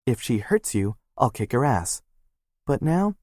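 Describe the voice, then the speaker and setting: A man's voice: mid-range voice, sing-song, unhurried, a little mellow, dry recording, studio quality, voice pushed up. A man voicing a brash, foul-mouthed young woman. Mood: teasing. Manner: blunt, swearing, teasing.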